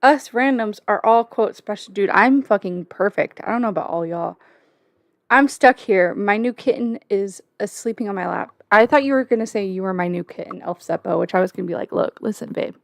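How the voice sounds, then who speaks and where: A young woman hosts a casual livestream from home, rambling and joking with lots of swearing and filler words. Her medium-pitched voice is gravelly and fairly quick. The sound is studio quality with no echo.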